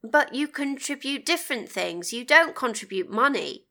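Brief: woman reading a dismissive, penny-pinching husband, scornful and sharp-edged. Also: high voice, expressive, moderate pace, voice pushed up, heavily acted. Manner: curt, scornful. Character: stubborn, tight-fisted middle-aged husband, dismissive.

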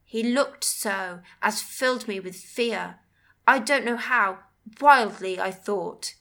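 A woman narrating a first-person audiobook with measured, earnest storytelling. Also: medium pitch, a bit bright.

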